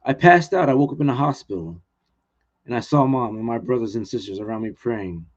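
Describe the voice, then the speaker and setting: A man's voice: medium pitch, lively intonation, a little fast. A male author reading his own novel aloud in a plain, earnest way, with small restarts, on dull lo-fi stream audio.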